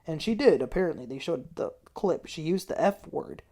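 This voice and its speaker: A woman hosting a casual TV recap, telling the story in an animated way. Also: low voice, normal speed. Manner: animated storytelling, quotes people in a raised voice. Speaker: TV recap host.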